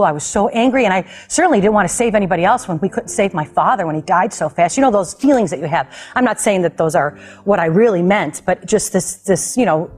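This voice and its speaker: Woman talk host telling a heartfelt story. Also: on the low side. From United States. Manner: animated, emotional storytelling with laughter. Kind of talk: personal storytelling to a guest.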